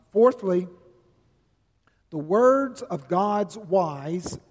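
An older man preaching a sermon, earnest and folksy, telling stories with slow, emphatic stretches. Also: high-pitched, a little mellow. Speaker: pastor. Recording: long reverb of a large hall.

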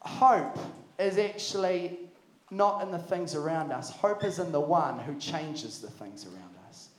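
A young man preaching to a youth camp, energetic and jokey. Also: a little high, a little slow. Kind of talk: sermon. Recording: echoey hall.

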